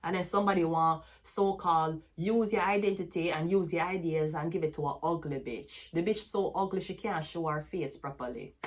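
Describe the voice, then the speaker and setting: A woman's voice: low-pitched, a little hiss or hum. A woman with a Jamaican accent giving a tarot reading as a brash, cursing rant that slips into patois. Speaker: tarot reader.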